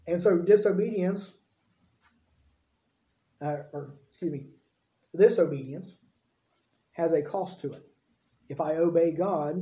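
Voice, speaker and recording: A man with a fairly high, mellow voice delivers a sermon in a relaxed, conversational way, often checking in with the people listening. He sounds like he is in a church sanctuary, with a roomy echo around him. The recording itself is dull and lo-fi. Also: slow, pauses often. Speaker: pastor. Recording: echoey room, dull lo-fi sound.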